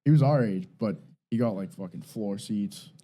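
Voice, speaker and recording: A man's voice: fairly low pitch, moderate pace, low-quality recording. A man from New England, co-hosting a podcast and telling stories with lots of swearing. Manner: animated storytelling, swearing, laughing. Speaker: podcast co-host. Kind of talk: casual chat.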